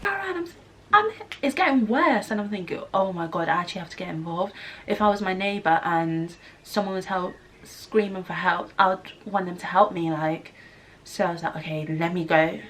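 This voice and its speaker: Lively young woman telling a story. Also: on the low side, moderate pace, a little hiss or hum. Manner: animated, acts out screams and quotes. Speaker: vlogger. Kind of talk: storytime vlog. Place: student flat room.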